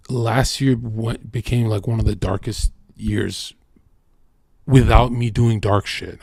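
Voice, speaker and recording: A man's voice: mid-range voice, a little mellow, no echo. Profane rambling male streamer. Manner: profane, rambling, quick bursts. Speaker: livestreamer. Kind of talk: casual rambling monologue.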